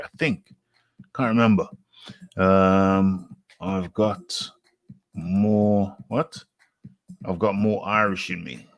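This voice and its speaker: A man's voice: deep voice, dry recording. A British man hosting a live boxing talk stream, reading comments aloud and rambling and correcting himself as he scrolls.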